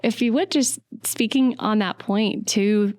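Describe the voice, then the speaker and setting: A woman hosts an interview podcast in a mid-pitched voice with a dry, close sound. She builds long, wordy questions and backs her guests with quick affirmations. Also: darkish tone, no room sound. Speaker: podcast host. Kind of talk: interview hosting.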